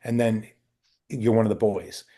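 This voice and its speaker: A man's voice: fairly low pitch, level tone, a little slow, warm tone. A man who works as a talent agent answers interview questions in a casual way, telling long anecdotes, acting out the people he quotes and using many fillers and restarts. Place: indoor sit-down interview.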